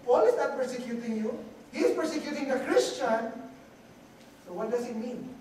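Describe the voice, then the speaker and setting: A preacher with a Filipino accent, giving a halting sermon that mixes Tagalog into English and often repeats words. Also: mid-range voice, a little mellow, slight background noise. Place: church hall. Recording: echoey hall from far off, faint ambience.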